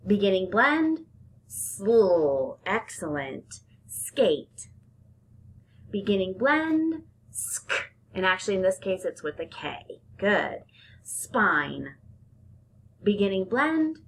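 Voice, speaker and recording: A woman teaching young children a phonics lesson, talking in a sing-song, drawn-out teacher manner and giving lots of praise. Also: medium pitch, big pitch swings, a bit bright, husky.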